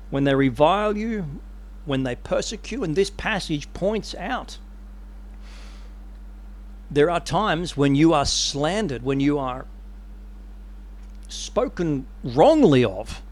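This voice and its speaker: A man preaching a sermon with animated, dramatic storytelling. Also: on the high side, slow, pauses often.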